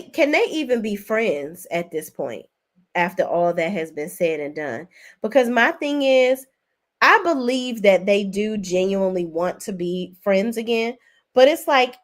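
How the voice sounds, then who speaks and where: A woman hosting a casual reality TV recap, sassy and expressive, laughing often, with big swings in pitch. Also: a little slow. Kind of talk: casual commentary with live chat.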